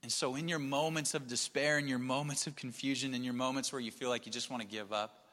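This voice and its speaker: Bright-voiced preacher in a reverberant hall. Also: male voice, mid-range voice, steady tone, fast. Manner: shifts between soft near-whispers and emphatic raised passages. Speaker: pastor. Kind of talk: sermon.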